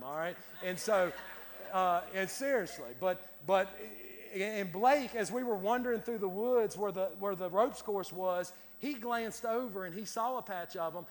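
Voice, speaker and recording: A man preaches a sermon in a folksy, storytelling way, full of country turns of phrase. His voice sits high for a man. It rings with the long reverb of a church sanctuary. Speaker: pastor.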